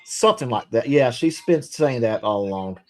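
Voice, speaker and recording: Lively joking male stream host. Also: medium pitch, normal speed. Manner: animated, jokey, many fillers and restarts. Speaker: livestream host. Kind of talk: casual chat.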